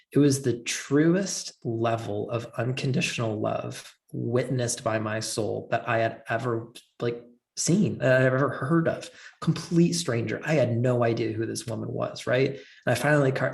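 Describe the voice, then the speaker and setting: A man's voice: medium pitch, gravelly. A man telling a personal story as a podcast guest, earnest and filling his talk with "like". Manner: earnest, heavy use of "like".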